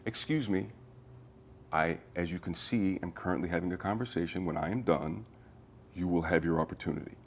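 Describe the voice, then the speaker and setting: A man's voice: low-pitched, brisk, a little hiss or hum. A man performing a pompous, overly formal desk clerk who speaks in stiff, proper diction with fancy words. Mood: prim.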